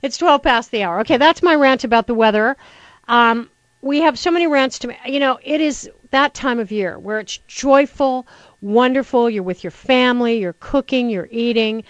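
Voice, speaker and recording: A middle-aged woman hosting a talk radio show, ranting in an animated, sarcastic way. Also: fairly high pitch, moderate pace, no room sound, muffled recording. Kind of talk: opinionated talk radio rant.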